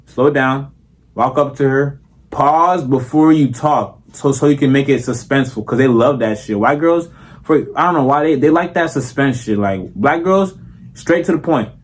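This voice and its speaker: A man's voice: mid-range voice, moderate pace. A young man, talking in a casual, profane monologue and acting out the other people in his stories. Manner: slangy, profane, animated, acts out quoted voices. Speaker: vlogger.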